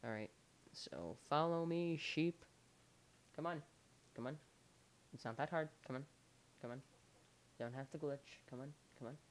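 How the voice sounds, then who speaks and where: Slow, playful young man coaxing in a game. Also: mid-range voice, a little hiss or hum. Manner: playful, coaxing and repeating himself as if talking to a pet. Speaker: gamer. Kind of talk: let's play commentary.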